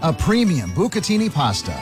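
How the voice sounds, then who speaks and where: A man's voice: on the high side, huge pitch swings, fairly quick. Man savoring words over a music bed. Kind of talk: read radio commercial.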